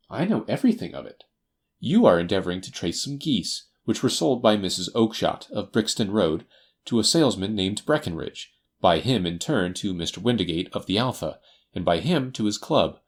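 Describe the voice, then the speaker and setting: A man voicing a confident, faintly teasing detective in a crisp, assured manner for an audiobook. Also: lowish voice, big pitch swings, moderate pace. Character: brisk, confident male detective. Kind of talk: audiobook character voice.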